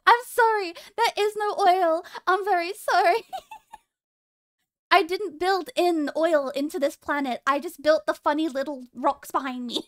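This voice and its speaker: A woman's voice: very high voice, fairly bright tone, dry recording. A young woman streamer chatting casually with her viewers in a playful, teasing way, laughing often.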